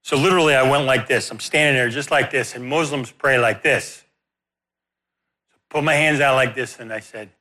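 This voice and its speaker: A man preaching in a sermon, telling a story in an animated, self-deprecating way. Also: mid-range voice, normal speed.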